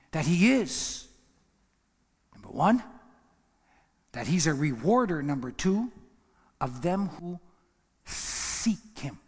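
A man preaching a sermon as pastor, emphatic, repeating words and swinging between loud and hushed lines. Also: high-pitched, vocal fry, breathy edge, big-room sound. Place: church.

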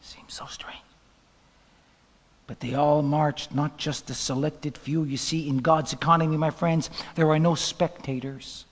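A man preaching a sermon as pastor, telling stories dramatically and swinging from loud bursts to whispers. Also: fairly high pitch, little pitch movement, moderate pace, hardly any pauses, long reverb tail.

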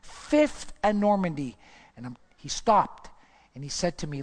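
A male pastor telling his life story in a sermon, chatty and animated, asking the crowd questions and often restarting his sentences. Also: a little high, a little slow. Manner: storytelling, animated, asks the audience questions, repeats himself. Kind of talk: testimony sermon.

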